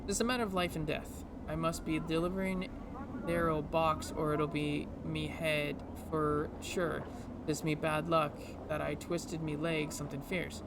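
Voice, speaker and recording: A man's voice: on the high side, little pitch movement, measured pace, noisy background. Man putting on a lilting ragged beggar. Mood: pleading. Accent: put-on Scottish-Irish lilt. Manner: pleading, urgent. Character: grimy ragged male beggar, pleading and shifty.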